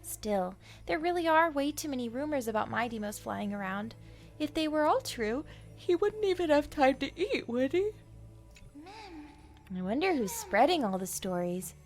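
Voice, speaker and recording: A woman's voice: high voice, big pitch swings, moderate pace. Gossipy young game girl. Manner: curious, gossipy, playful. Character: chatty gossiping young woman NPC. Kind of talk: game character dialogue.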